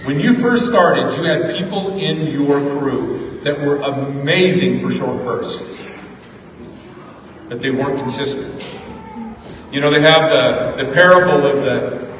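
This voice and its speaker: In a large ceremony hall, a middle-aged man gives a motivational graduation speech, speaking a little slowly in a medium-pitched, fairly bright voice. He tells a story and repeats words for emphasis, captured from afar with echo and a little hiss or hum.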